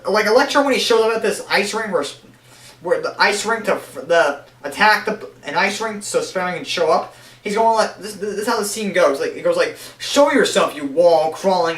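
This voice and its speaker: A young man with a high-pitched voice gives a loose, rambling countdown, stumbling and restarting his sentences. He sounds off-mic in an echoey room. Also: fairly bright tone, distant mic. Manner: rambling, many restarts and fillers. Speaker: show reviewer. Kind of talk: casual countdown commentary.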